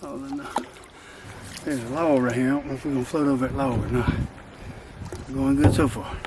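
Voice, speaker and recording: Pushing a boat across a swampy creek, this vlogger is winded as he chats casually to a nearby camera, rambling in a folksy, self-deprecating manner. His medium-pitched voice holds a steady tone at a quick pace, and heavy background noise surrounds him.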